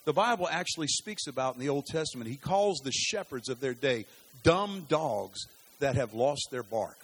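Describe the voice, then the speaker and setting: A man preaching a sermon in an animated, folksy storytelling way, swinging from loud bursts to hushed lines. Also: mid-range voice, normal speed, slightly rough.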